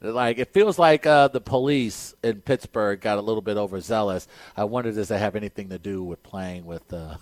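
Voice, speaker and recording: A man's voice: fairly low pitch, normal speed, few pauses, dry recording. Emphatic man on a sports talk show. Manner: animated, emphatic opinions. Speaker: sports radio co-host.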